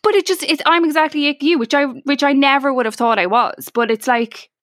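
A woman's voice: high voice, a bit bright, no echo, studio quality. An Irish woman in her thirties telling stories in a casual chat, swearing freely and tumbling through her words with lots of "like". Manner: chatty, swears freely, fast storytelling with lots of "like".

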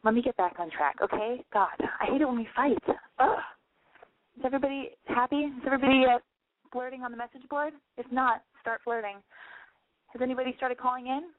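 A young woman hosts a homemade call-in advice show, rambling, cursing freely and poking fun at herself in a casual radio-style monologue. Her high voice moves fairly quickly and sounds a little nasal from smoke. The audio is dry and narrow, like a phone line, with no room sound.

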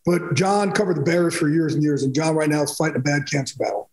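A man's voice: on the high side, fast talker, a little mellow, reverberant, poor audio. A man telling personal stories as a podcast guest, emphatic and rambling, restarting sentences often. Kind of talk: candid storytelling in a podcast interview.

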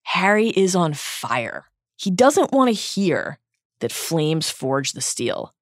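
A woman's voice: on the low side, very animated, slow, dry recording. A woman co-hosting a book-discussion podcast, talking in a reflective, analytical way and leaning hard on key phrases. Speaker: podcast co-host.

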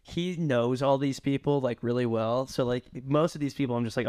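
A young man chatting on a podcast, telling animated stories and acting out what people said, laughing along. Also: mid-range voice, fairly quick, few pauses. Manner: animated, laughing, acts out quotes. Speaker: podcast guest. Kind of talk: casual chat, storytelling.

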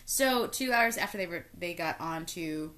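A woman's voice: fairly low pitch, lively intonation, moderate pace, a bit bright. A woman co-hosting a casual chat, jokey and sarcastic, reading out details and adding her own asides. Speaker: podcast co-host. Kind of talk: casual true-crime chat over wine.

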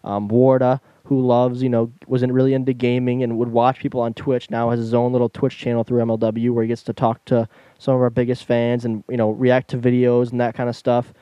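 A young man co-hosting a casual podcast, talking fast and eagerly with small stumbles and restarts. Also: mid-range voice, completely flat delivery, warm tone, clear, resonant tone, dry recording, muffled recording. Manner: fast-talking, enthusiastic, stumbles when slowing down. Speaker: podcast co-host.

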